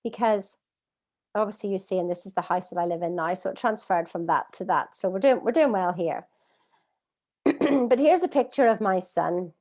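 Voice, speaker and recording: A middle-aged woman leading a live online coaching masterclass from home, earnest and expressive, asking her audience many rhetorical questions. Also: medium pitch, moderate pace. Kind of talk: live-streamed coaching talk. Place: at home, streaming by video call.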